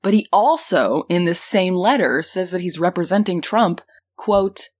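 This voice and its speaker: A woman's voice: fairly low pitch, lively intonation, unhurried. A woman hosting a podcast, explaining news in casual, rambling chat full of fillers. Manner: rambling, lots of "um" and "like", laughs easily. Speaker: podcast host.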